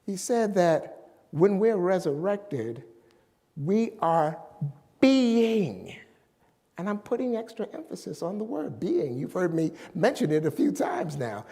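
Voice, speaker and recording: A man's voice: sits high, sing-song, moderate pace, mellow, breathy edge, in a large hall. A middle-aged man preaching a sermon as a minister, emphatic and drawing out his key words.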